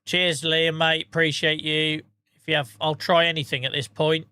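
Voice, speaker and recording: A man's voice: a little high, flat delivery, moderate pace, bright, forceful tone, clean tone, no echo. A tired man chatting casually to viewers on a live stream, rambling, swearing freely and laughing at himself. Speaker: game streamer.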